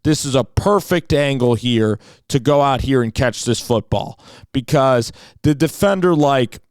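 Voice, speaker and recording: A man talks through game film in an eager, rambling way, leaning on "like" and "you know" as he goes. His voice is smooth and clear at a middling pitch. The sound is dry and close, with no room echo. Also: animated, measured pace, darkish tone. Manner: enthusiastic, fills with "like" and "you know". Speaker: football film analyst. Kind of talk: film breakdown commentary.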